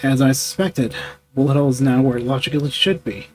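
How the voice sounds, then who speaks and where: A man voicing a composed, formal male prosecutor in a video game, in measured tones. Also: medium pitch, darkish tone, faint music behind, natural voice. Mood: calm.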